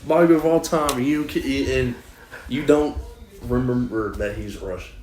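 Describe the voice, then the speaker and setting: A man's voice: mid-range voice, normal speed, a little mellow. A young man co-hosting a casual podcast who talks in a teasing, joking way. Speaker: podcast co-host. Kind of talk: casual chat. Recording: echoey room.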